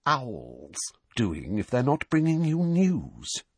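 A man reading aloud and voicing a thin, spiteful, suspicious aunt in a sharp, accusing, raised voice. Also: medium pitch, huge pitch swings, takes it slowly, breathy edge, no room sound, voice pushed up, heavily acted. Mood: hissing.

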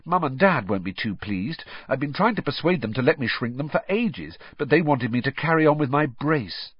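A man voicing a brisk, clever schoolgirl. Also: medium pitch, expressive, slightly rough, no echo, voice pushed up. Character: clever bossy teenage schoolgirl. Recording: dry, slightly muffled.

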